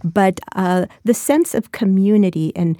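In a studio-quality recording with no echo, a woman in her sixties speaks in a mellow, medium-pitched voice at a slightly slow pace. She is an author appearing as a guest, being interviewed and reading aloud, and her reflective speech often restarts.

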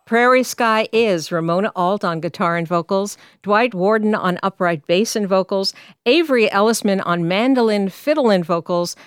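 A woman's voice: mid-range voice, moderate pace, smooth, dry recording, studio quality. A woman hosting a radio interview, asking the band direct, friendly questions.

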